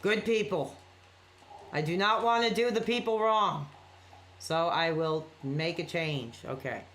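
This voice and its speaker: A man's voice: on the high side, unhurried, fairly bright tone, slight background noise. Man streamer, casual late-night chat, rambling and apologetic, reading and reacting to viewers. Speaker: live streamer.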